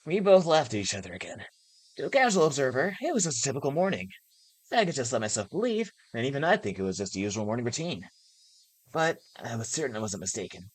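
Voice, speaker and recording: Very low-voiced woman reading a game. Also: quick pace, husky, dry recording. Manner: laughs and reacts excitedly between passages. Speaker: streamer reading a visual novel aloud. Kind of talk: narrating game text in first person.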